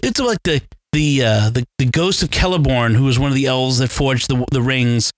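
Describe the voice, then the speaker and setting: A man's voice: medium pitch, moderate pace, no room sound. A middle-aged man co-hosting a casual podcast chat, wry and laughing often with nerdy enthusiasm. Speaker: podcast co-host.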